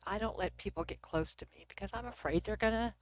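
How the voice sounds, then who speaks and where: A woman's voice: medium pitch, fast talker, no echo. A middle-aged woman from Texas with a Texan accent, hosting a casual livestream and chatting with viewers at her computer, sometimes dropping to a near whisper. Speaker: livestream host. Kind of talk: casual livestream chat reading comments.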